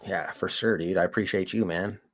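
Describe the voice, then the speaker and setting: Soft music plays behind a man whose low voice keeps a steady tone and runs a little fast. He hosts a livestream, audits, and lives in Colorado, chatting with viewers in a slangy, meandering way peppered with "dude" and "like."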